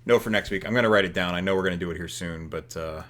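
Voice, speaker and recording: Low-voiced man thinking aloud. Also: very fast, fairly bright tone. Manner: thinking aloud, joking, lots of fillers. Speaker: co-host. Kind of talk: casual chat while playing a booking game.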